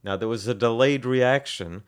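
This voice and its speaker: A man's voice: medium pitch, normal speed, clear, resonant tone. A man co-hosting a history podcast, casually explaining events with frequent ums, restarts and self-corrections.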